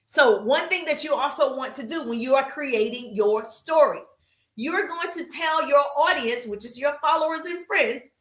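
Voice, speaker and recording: On a live stream, a woman who coaches social media businesses addresses her audience at a moderate pace, with a high, bright voice and punchy emphasis. The space echoes as she welcomes chat viewers along the way.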